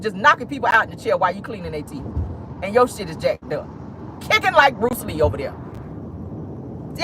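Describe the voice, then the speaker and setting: A woman talks celebrity gossip from the driver's seat in a sassy, drawling way, sprinkling 'honey' and 'baby' everywhere. Her pitch leaps and dips all through her talk. A steady car hum sits clearly under her voice. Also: rough recording. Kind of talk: casual gossip commentary. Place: inside a car.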